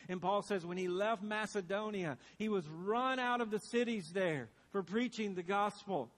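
A male pastor with a notably high voice delivers a sermon in a church sanctuary. He preaches earnestly and emphatically, circling back to the same phrases to press each point home. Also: normal speed.

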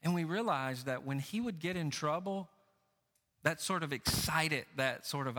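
A man in middle age preaches a sermon, his voice high and bright. He swings between raised, emphatic lines and low, quiet asides. A long echo hangs around him, as in a large church hall. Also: animated, normal speed. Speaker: pastor.

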